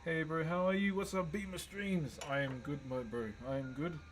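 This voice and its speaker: A young man with a New Zealand accent, hosting a relaxed livestream and greeting viewers by name while he carves wood. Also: on the high side, moderate pace, a little hiss or hum, rough recording. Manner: laid-back, greets chat viewers by name. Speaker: livestream host. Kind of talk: casual livestream chat while wood carving.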